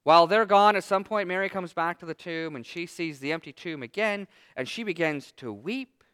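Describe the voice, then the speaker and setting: A man's voice: high-pitched, bright, forceful tone, clean tone. A man preaching a sermon as pastor, reading scripture aloud and then retelling it with emphatic, driving delivery.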